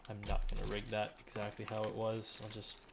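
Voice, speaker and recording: A young man chatting casually on a live stream from his living room while listing items to resell, relaxed and often trailing off quietly. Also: lowish voice, fairly quick, gravelly, noisy background.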